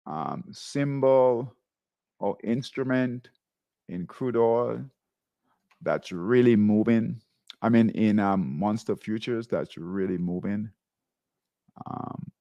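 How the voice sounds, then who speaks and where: A male trading host talks slowly, with a gravelly edge. His pitch moves in a lively way as he points out chart setups and checks in with viewers. The recording is dry and close. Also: no room sound. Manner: repeats tags like "right?" and "okay?" while pointing at charts. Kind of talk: live chart walkthrough.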